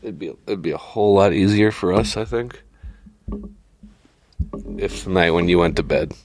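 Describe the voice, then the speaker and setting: A man tossing quick wisecracks during an improvised comedy bit. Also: low voice, a little mellow, a little hiss or hum. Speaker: podcast comedian.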